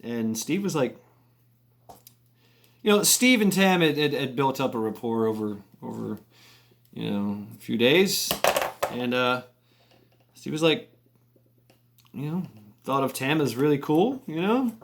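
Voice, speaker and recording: A man of ordinary pitch spins a long yarn in a loose, conversational way. He stumbles and restarts his sentences often, drops casual profanity and chuckles along the way. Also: animated, unhurried, gravelly, pauses often, a little hiss or hum. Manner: rambling, many restarts, swearing, chuckles. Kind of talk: casual spoken storytelling.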